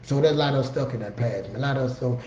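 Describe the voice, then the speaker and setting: A man with a mid-range, dark-toned voice talks at a racing pace, earnestly sharing motivational stories from his own life. He keeps checking in with "you know what I'm saying," and the roomy, slightly dull recording carries faint ambience plus a bit of hiss or hum.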